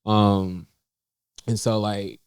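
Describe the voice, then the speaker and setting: Low-voiced man telling a story haltingly. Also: level tone, smooth, no room sound, clean studio sound. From North Carolina, USA. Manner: halting, many fillers and restarts, voice lifts when quoting himself. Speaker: podcast co-host sharing a personal story. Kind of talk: casual heartfelt conversation. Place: indoors in a cafe.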